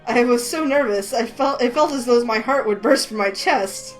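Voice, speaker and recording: A woman voicing a shy, soft-spoken young man who talks politely and formally and hesitates, with faint music behind her. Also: fairly high pitch, normal speed, close to an everyday voice, poor audio.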